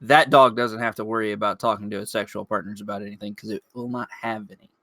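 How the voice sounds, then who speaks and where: A man's voice: lowish voice, steady tone, fast, a bit bright, dry recording, studio quality. A young man co-hosting a podcast, blunt and wisecracking in casual chat. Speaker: podcast co-host.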